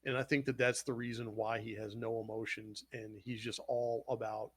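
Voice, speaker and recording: A man hosting a casual podcast chat, animated and swearing freely as he argues his point. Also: mid-range voice, normal speed, husky. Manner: animated, swearing, retells scenes with quoted voices. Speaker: podcast host.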